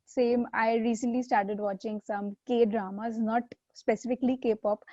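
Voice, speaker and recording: A woman hosts a casual interview, her voice sitting a little high. She sounds eager and admiring and laughs often. The recording is dull and lo-fi, and the sound is dry. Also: fairly even intonation, unhurried, dark tone, no echo. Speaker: interview host.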